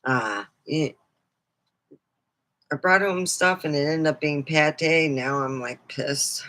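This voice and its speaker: A middle-aged woman chatting casually on her vlog. She rambles and jokes at an unhurried pace, and her voice has a bright, forward edge. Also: deep voice, very animated. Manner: rambling, jokey, laughs often. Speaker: vlogger.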